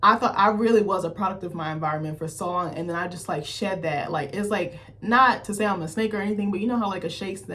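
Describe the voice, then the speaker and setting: A young adult woman telling a rambling, animated story straight to her camera, full of "like" and quoted asides. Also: on the low side, a little hiss or hum. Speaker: vlogger. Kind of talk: casual chat to camera.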